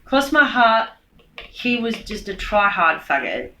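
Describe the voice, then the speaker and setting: A woman giving a rambling, profane monologue, swinging between loud rants and low mutters. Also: sing-song, slow, a little hiss or hum. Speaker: vlogger giving a speech. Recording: echoey room.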